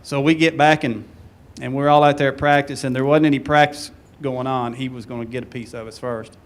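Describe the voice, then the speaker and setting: A man telling an animated story about his old team and laughing along with it. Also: mid-range voice, a little fast. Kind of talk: storytelling at a reunion panel.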